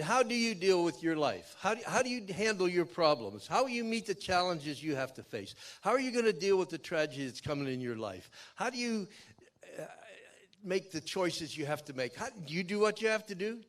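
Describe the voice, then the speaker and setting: An older man giving a keynote speech, telling a dramatic personal story in a folksy way that swings from loud to hushed. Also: high-pitched, lively intonation, brisk. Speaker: keynote speaker. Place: outdoor memorial event.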